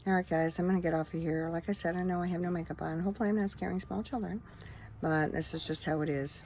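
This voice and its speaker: A woman's voice: lowish voice, steady tone, quick pace, a little mellow, a little hiss or hum. A middle-aged woman minister chatting earnestly into her phone camera for her vlog, rambling with fillers. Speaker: vlogger and minister. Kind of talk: casual faith-talk vlog.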